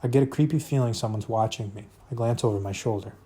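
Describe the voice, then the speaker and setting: A man's voice: medium pitch, quick pace, mellow, breathy edge. A man reading a novel aloud, narrating expressively in the first person. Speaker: reader.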